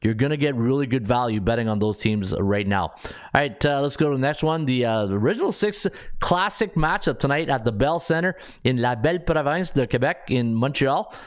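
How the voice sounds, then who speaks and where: A man's voice: medium pitch, lively intonation, fairly quick. A man hosting a sports betting podcast, thinking aloud as he checks stats, with frequent restarts and filler words. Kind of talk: casual solo analysis.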